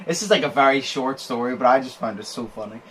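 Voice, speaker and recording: A man's voice: medium pitch, quick pace, fairly bright tone. A young man hosting a podcast, telling a story in casual chat, swearing freely and breaking into laughter. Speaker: podcast host.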